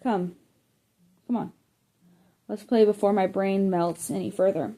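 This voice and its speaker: A woman's voice: medium pitch, steady tone, unhurried, warm tone, natural voice. A woman reading aloud and voicing a teenage boy, the easygoing friend of the narrator, in a storybook reading.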